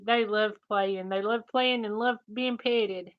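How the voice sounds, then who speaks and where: A woman's voice: fairly high pitch, fairly even intonation, unhurried. Folksy woman chatting, lo-fi. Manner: folksy, laughs often. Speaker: co-host of a homestead livestream. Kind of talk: casual chat reading viewer comments.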